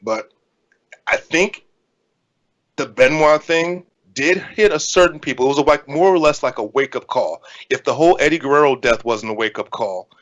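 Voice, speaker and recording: A man's voice: medium pitch, normal speed, muffled recording. A man in his thirties, co-hosting a podcast and talking in a candid, rambling way. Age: 30s. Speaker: podcast co-host, indie wrestler. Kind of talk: casual podcast chat.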